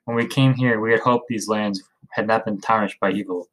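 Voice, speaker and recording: A man voicing a gruff, stern father figure. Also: lowish voice, steady tone, brisk, close to an everyday voice, rough recording. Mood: solemn. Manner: gruff, grave. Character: stern middle-aged father, gruff leader.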